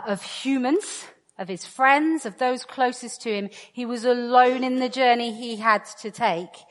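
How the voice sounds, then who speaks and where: Woman preaching in a reverberant hall. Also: fairly high pitch. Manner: playful and joking with the crowd, then slow and emphatic. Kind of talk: interactive sermon to a congregation.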